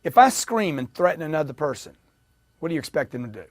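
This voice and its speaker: Energetic male sales coach, slightly high-pitched, punchy repetition, dry recording. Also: fast, no room sound. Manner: energetic, emphatic, drills audience with repetition. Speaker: sales trainer. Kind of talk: motivational sales training talk.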